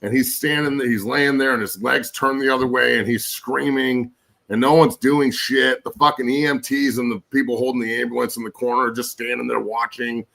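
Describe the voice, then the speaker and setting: A man's voice: mid-range voice, little pitch movement, fairly quick, vocal fry, a bit bright, poor audio. A man in his forties, a guest and former pro football player, ranting angrily and cursing in casual podcast chat. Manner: angry, profane ranting.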